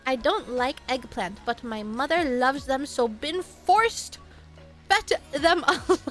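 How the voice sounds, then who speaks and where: A woman's voice: high-pitched, animated, slow pace, soft background music. A young woman streamer chatting casually with her viewers, giggling often and drifting off her story to greet people in chat.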